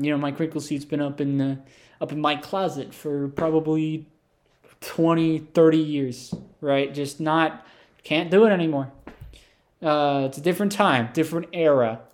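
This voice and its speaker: A man's voice: a little high, moderate pace. Rambling man spinning an absurd tale. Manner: rambling, absurd, deadpan, full of fillers and asides. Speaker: comedic storyteller. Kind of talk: improvised comic monologue.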